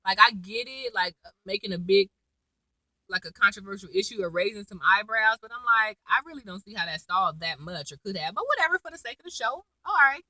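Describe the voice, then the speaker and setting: A woman with a very bright, sharp voice chats through a recap of a TV episode. She tells it like gossip, full of asides. The sound is dry and close. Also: medium pitch, expressive, a little fast, no room sound, low-quality recording. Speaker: TV episode reviewer. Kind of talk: casual recap vlog.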